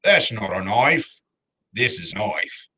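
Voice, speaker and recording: A man putting on an exaggerated, jokey Australian voice, drawn out slowly. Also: on the low side, sing-song, bright, forceful tone, husky, full character voice. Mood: mocking. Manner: exaggerated, jokey, slow drawl.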